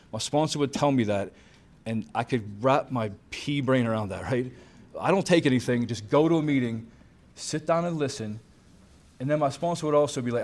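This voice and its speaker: A man in his thirties or forties gives a casual, candid recovery talk at a banquet, full of "man" and "dude" and the odd swear. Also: mid-range voice. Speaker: banquet speaker at a recovery conference. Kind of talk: personal recovery talk to a crowd. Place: banquet hall with a crowd.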